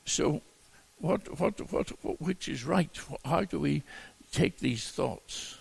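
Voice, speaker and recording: Slow, gravelly man preaching. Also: fairly high pitch, expressive, a little mellow. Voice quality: gravelly, husky voice. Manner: halting delivery with frequent repeated words and restarts. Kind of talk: expository Bible teaching.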